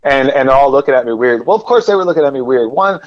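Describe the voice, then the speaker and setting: A man telling a personal story as a podcast guest, rambling and animated, with lots of fillers and repeated words. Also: mid-range voice, fast, highs cut off. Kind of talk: casual storytelling.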